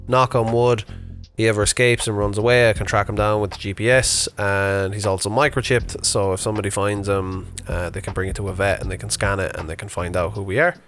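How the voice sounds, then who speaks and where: Low-voiced man vlogging on a walk. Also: fairly bright tone, a little hiss or hum. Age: 30s. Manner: casual, rambling, chatty with fillers. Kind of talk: unscripted walking vlog narration. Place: outdoors on a morning walk.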